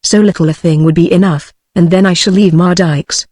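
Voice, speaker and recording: A British woman text-to-speech voice reading the part of a gentle, feeble and miserable young man, without changing voice. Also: on the low side, steady tone, brisk, no echo, studio quality, natural voice. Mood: pleading. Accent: British English. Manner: plain synthetic reading, no change of voice.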